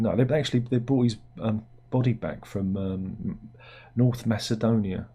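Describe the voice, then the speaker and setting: A man's voice: on the low side, normal speed, warm tone, slightly rough. A British man hosting a satirical news commentary, rambling along with jokey asides as he reads out headlines. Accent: British English. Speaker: host.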